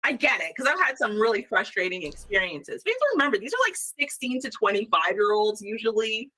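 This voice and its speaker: A woman co-hosts a casual commentary chat with a bright, ringing voice. Her pitch sits a little high and leaps around constantly. She keeps tossing rhetorical asides at her listeners. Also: fairly quick, poor audio. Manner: animated, chatty, rhetorical asides. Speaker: show co-host.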